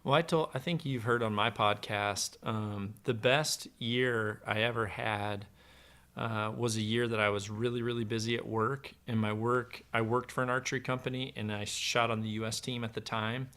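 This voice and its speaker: A middle-aged man with a smooth, resonant voice talks through a story in a loose, meandering way. His pitch sits in an ordinary middle range. He spins anecdotes casually, with lots of fillers, as a guest on a podcast. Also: normal speed. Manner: relaxed, rambling anecdotes with many fillers. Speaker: podcast guest, former pro archer.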